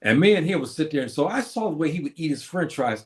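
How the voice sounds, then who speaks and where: A man's voice: a little high, very animated, fast talker, few pauses. Older man, livestream host, casual chat, rambling, reminiscing, lots of fillers. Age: 70s.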